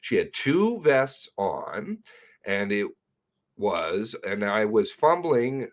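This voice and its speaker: Halting, animated police sergeant retelling. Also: male voice, lowish voice. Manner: halting, profane, self-correcting retelling. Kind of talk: recorded statement recounting an incident.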